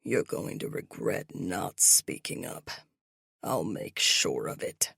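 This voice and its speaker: Woman voicing a gravelly, menacing old captor. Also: low voice, very animated, slow, bright, forceful tone, dry recording, studio quality, voice pushed down, exaggerated voice. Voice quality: gravelly and commanding. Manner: barking threats.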